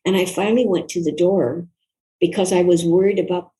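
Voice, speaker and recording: An older woman, a guest author, recalling a personal story in an interview in a reflective, soft-spoken, earnest way. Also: fairly low pitch, steady tone, brisk, poor audio.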